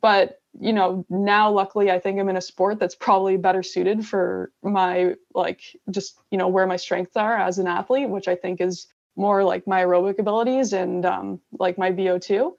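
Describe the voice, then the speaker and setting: Casting note: young female athlete, gravelly fry, relaxed and chatty, dull lo-fi recording. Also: medium pitch, normal speed, hardly any pauses. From Canada. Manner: relaxed, many fillers like "like" and "you know". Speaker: interview guest, gravel cyclist. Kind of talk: casual interview chat. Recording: dull lo-fi sound.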